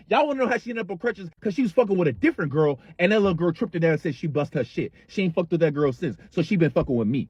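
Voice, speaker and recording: A husky man with a lively, swinging voice recounts a school fight. The sound is dry and close, with no room around it. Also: fairly high pitch, very fast, few pauses, no room sound. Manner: animated, swings between characters' voices. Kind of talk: comedic storytelling skit.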